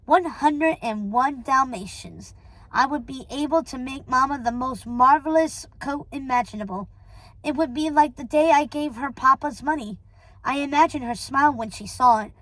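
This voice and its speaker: Woman reading aloud, high voice, steady, small stumbles, dry close sound. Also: moderate pace, dry recording, low-quality recording. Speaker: reader.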